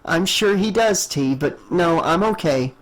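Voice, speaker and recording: A man voicing a calm, wry female space scientist who answers dryly. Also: fairly high pitch, measured pace, low-quality recording. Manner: dry, smirking replies.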